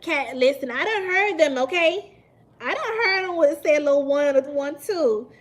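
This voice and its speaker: A woman, chatting casually with viewers on a live stream, animated and emphatic and laughing often. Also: sits high, moderate pace. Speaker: mukbang livestream host.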